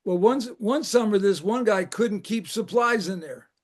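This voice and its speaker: A man's voice: high-pitched, normal speed. An older man, a former camp recreation director, telling rambling, laughing anecdotes in a casual chat.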